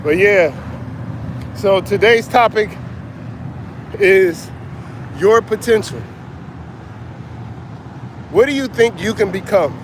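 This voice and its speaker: A middle-aged man speaks in a high, breathless voice while coaching viewers on a livestream. He is outdoors beside a street, and faint traffic hums behind him. His talk is casual and unhurried, and he greets viewers by name as he goes. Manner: casual, reads out viewer names. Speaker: motivational coach.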